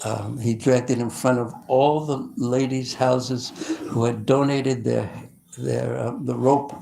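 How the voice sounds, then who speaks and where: A male preacher telling devotional stories in a lively sermon, often stopping and restarting his sentences. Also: medium pitch, takes it slowly, vocal fry, slight background noise, poor audio. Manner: animated, with frequent restarts.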